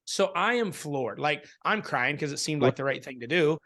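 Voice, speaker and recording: Animated man telling a story. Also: fairly high pitch, normal speed. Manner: animated storyteller, many restarts, acts out quotes. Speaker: interview guest. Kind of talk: casual storytelling in a conversation.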